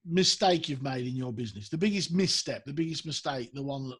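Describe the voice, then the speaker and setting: A man's voice: medium pitch, lively intonation, a little fast, fairly bright tone, slightly rough. A man from Birmingham with a Brummie accent, hosting an interview over a video call, enthusiastic and full of fillers and repeated words. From Birmingham, England. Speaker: talk show host. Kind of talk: casual interview chat.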